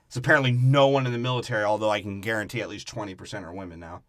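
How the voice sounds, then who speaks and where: A man's voice: lowish voice, fairly even intonation, very fast, few pauses, a bit bright. A man co-hosting a podcast, talking casually and irreverently with lots of swearing and joking. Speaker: podcast co-host. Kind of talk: casual comedic movie breakdown.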